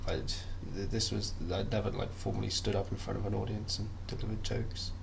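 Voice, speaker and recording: Young male guest, low gravelly voice, rambling and self-deprecating. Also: monotone, a little fast, noisy background. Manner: chatty, self-deprecating, many restarts. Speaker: podcast guest. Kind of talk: casual interview chat.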